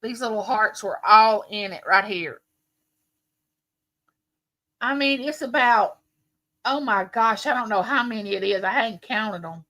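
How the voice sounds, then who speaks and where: A woman's voice: medium pitch, measured pace, long pauses. A woman, chatting and telling stories to viewers on a live stream from home. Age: late 50s. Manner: chatty, warm, rambling storytelling with viewers. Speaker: livestream host. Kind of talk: casual live-stream chat.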